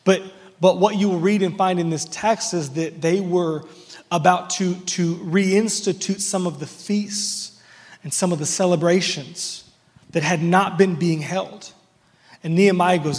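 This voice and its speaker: High-voiced pastor preaching in a reverberant hall. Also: male voice, fairly even intonation, a little slow. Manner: earnest, repeats words as he restarts. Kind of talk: sermon.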